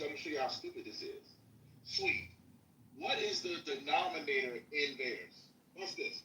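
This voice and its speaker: A man's voice: on the high side, wildly swooping pitch, moderate pace, pushed and bright, reverberant, far from the mic, a little hiss or hum, poor audio. A man addressed as Doctor arguing in a heated podcast debate, lecturing insistently and repeating his words.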